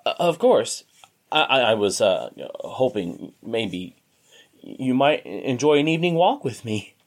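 A man's voice: mid-range voice, big pitch swings, measured pace. A man voicing a nervous young farmer's son in a storybook reading, stammering and hesitant.

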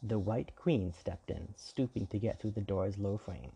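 A man narrating a fairy tale in a measured, even reading. His voice is low and dark, with a gravelly, husky texture. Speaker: storyteller.

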